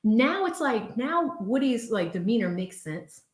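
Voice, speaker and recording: A woman's voice: a little high, unhurried. Chatty young woman, roomy sound. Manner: chatty and expressive, laughs often, reads viewer messages aloud. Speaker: livestream host reading viewer super chats. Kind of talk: casual live-stream chat. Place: at home.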